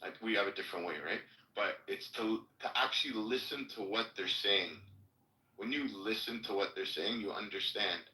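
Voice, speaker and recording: A man's voice: on the low side, normal speed, sharp tone, reverberant, recorded from a distance, rough recording. A man hosting a casual livestream chat, rambling and blunt, swearing now and then. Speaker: livestream host.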